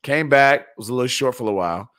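Animated, joking man talking sports. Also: medium pitch, fast. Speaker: sports talk co-host. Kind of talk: casual sports chat.

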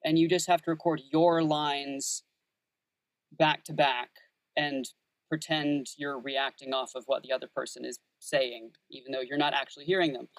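A man's voice: mid-range voice, flat delivery, normal speed, no echo. A man in his thirties who works as a voice actor, chatting thoughtfully in an interview with many fillers and restarts. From Texas, USA. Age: 30s. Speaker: voice actor and audiobook narrator. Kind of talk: casual interview chat.

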